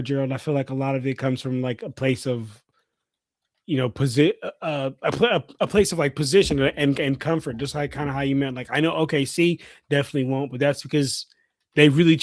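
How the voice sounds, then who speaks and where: A chatty man co-hosts a casual sports talk show. He strings his thoughts together loosely with plenty of fillers. His voice has an average pitch and is recorded dry and close. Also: no room sound. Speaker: co-host.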